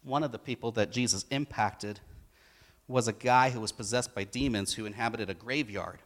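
A man's voice: medium pitch, moderate pace. A middle-aged man preaching a sermon, telling stories and acting out the lines of the people in them with rising emphasis. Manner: animated storytelling, acts out quotes with rising emphasis. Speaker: pastor.

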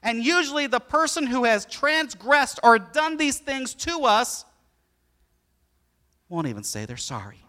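A middle-aged male pastor giving an animated sermon, telling stories and asking the congregation questions. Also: extremely high pitch, a little slow.

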